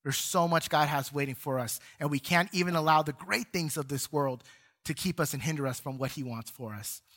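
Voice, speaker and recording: A man's voice: on the high side, fairly quick, fairly bright tone. A man preaching a sermon as pastor in a church, earnest and building to emphatic peaks as he tells a story. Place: church sanctuary.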